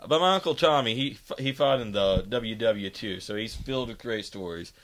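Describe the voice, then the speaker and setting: A man's voice: on the low side, lively intonation, moderate pace, a bit bright. A man hosting a podcast interview, loose and joking, swearing freely. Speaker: podcast host. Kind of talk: casual interview chat.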